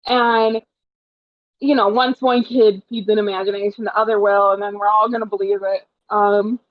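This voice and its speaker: A young woman co-hosting a podcast in casual chat, talking in a chatty way with animated retellings and plenty of fillers. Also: medium pitch, normal speed, no room sound. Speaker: podcast co-host. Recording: dull lo-fi podcast audio.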